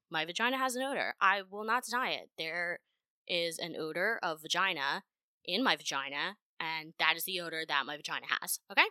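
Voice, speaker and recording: A young adult woman hosting her own podcast, talking in a blunt, profane and animated way with frequent laughter. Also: lowish voice, smooth, no room sound. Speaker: podcast host. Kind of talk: casual solo podcast monologue. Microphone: home podcast microphone.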